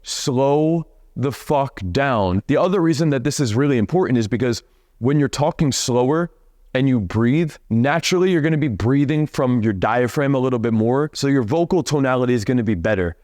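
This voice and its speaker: A young man coaching on dating, talking bluntly and profanely, and dragging out key words slowly for emphasis. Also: mid-range voice, darkish tone, dry recording, clean studio sound. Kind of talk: direct-to-camera coaching talk.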